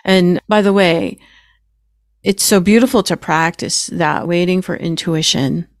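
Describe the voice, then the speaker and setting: A middle-aged woman hosting a podcast, speaking gently and with feeling, holding back tears at times. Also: on the low side, unhurried, dry recording, studio quality. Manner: gentle and emotional, keeps herself from crying. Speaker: podcast host. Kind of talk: casual spiritual podcast talk.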